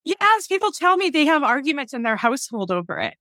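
Woman in her 40s, chatty guest acting out little quotes, kinda high voice, dry mic. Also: fast, no room sound. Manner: animated, laughs often, acts out quoted dialogue. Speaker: guest, cemetery preservation business owner. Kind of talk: casual interview storytelling.

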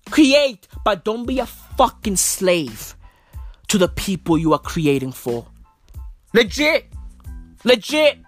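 A woman hosting a podcast, ranting casually in a brash, profane, emphatic way full of slang. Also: on the high side. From South Africa. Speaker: podcast host. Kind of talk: casual rant.

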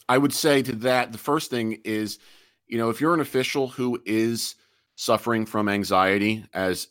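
A man's voice: on the low side, no echo, clean studio sound. Earnest man speaking as a podcast guest. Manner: earnest, reflective, frequent restarts. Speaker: guest, sportsmanship group president. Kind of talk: casual podcast interview.

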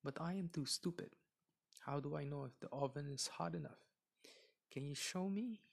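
A man voicing a clever, calm little girl, sometimes pleading in a childlike way. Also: on the high side, normal speed, gravelly, husky, voice pushed up.

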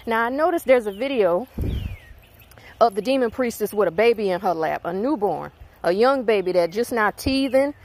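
A woman who hosts a spiritual channel rants heatedly to her viewers in a Southern US accent, blunt, emphatic and full of profanity. Her mid-range voice has a darkish tone, lively intonation and a moderate pace.

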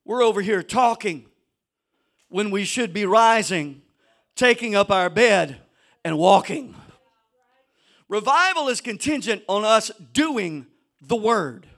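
A man preaching a sermon to a church congregation, swinging between shouted exhortation and low conversational asides. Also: animated, takes it slowly, pauses often. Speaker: pastor.

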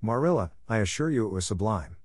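A man voicing a dramatic, imaginative orphan girl in an audiobook, speaking in a gushing, theatrical way. His voice is low and sounds very close to the microphone in a dry recording. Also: animated, fast talker, a little mellow, no room sound. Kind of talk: audiobook character reading.

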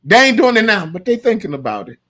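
A male pastor preaching a sermon in a folksy, repetitive, conversational way, swinging from quiet asides to loud shouted lines and laughing at his own jokes. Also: sits high, big pitch swings, quick pace.

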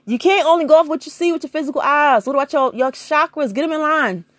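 A woman's voice: fast talker, no echo. A woman giving blunt, preachy spiritual advice in a casual monologue, firing off rhetorical questions and swearing freely. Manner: animated, big jumps in pitch.

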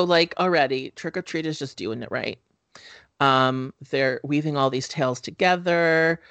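A man's voice: a little high, a bit bright, no echo. A man hosting a podcast, casually recapping a horror movie with lots of fillers and offhand swearing. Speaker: podcast host.

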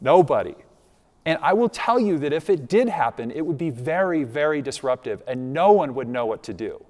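Male pastor, emphatic sermon delivery, lively pitch, reverberant hall sound. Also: moderate pace. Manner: conversational, emphatic preaching with asides.

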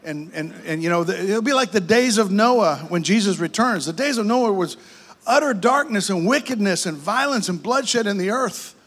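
A man's voice: sits high, animated, moderate pace, fairly bright tone. A man. He builds fervor by stacking repeated phrases, stumbling into restarts, and pressing on. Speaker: pastor. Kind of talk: sermon.

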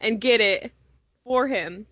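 A woman's voice: on the high side, slow, a bit bright, dry recording. A woman co-hosting a casual podcast, telling an easygoing, giggly story about a customer. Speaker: podcast co-host. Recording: dull lo-fi podcast audio.

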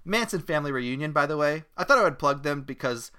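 A man's voice: fairly high pitch, expressive, fast talker, pushed and bright, smooth. A man with an Australian accent hosting a podcast, rambling earnestly in casual comedy chat. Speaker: podcast host.

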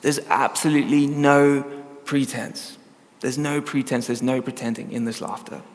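A man's voice: on the high side, fairly bright tone, in a large hall. A man preaching a sermon in an earnest, conversational teaching manner with frequent ums.

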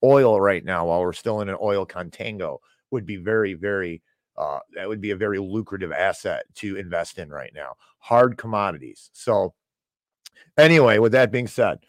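A man's voice: sits low, fairly quick, dry recording. Ranting male financial news host. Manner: ranting, sarcastic, rises loud when angry. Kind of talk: opinionated news commentary, reading headlines.

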